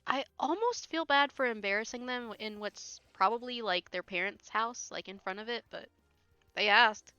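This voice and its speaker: Bright-voiced woman streamer, wry and giggly. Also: on the high side, moderate pace, clean tone, dry recording, muffled recording, faint music behind. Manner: wry, teasing, laughs often. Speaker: game streamer. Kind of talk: casual let's-play commentary.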